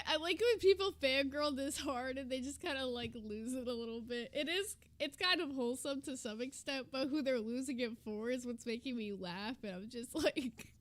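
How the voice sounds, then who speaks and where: A woman's voice: high voice, normal speed, few pauses, a bit bright. A woman streamer giving mocking, profane reaction commentary with laughing asides.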